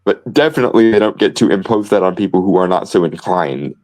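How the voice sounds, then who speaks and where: A man's voice: low voice, animated, quick pace, darkish tone, low-quality recording. A man co-hosting a podcast in casual commentary, sardonic and wordy, often restarting phrases. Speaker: podcast co-host.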